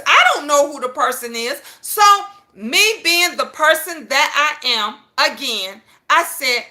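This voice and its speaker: A woman hosting her own channel, telling a story in an animated, profane way that rushes ahead at times. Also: high-pitched. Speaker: channel host. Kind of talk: casual storytelling vlog.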